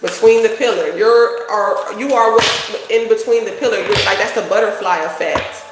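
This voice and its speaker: A woman's voice: mid-range voice, moderate pace, music in the background. Blunt profane woman in echoey room. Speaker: psychic tarot reader. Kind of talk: casual livestream reading. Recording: very echoey room, faint noise.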